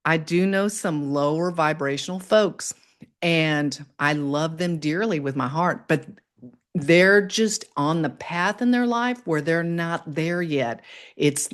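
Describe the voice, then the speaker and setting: Woman with a low voice doing a chatty motivational live stream, upbeat, pep-talk feel, swoops way up when she gets excited. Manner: upbeat and encouraging, with swoops up in pitch on exclamations; chatty, reads out and answers viewer comments. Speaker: livestream host. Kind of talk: casual motivational livestream talk.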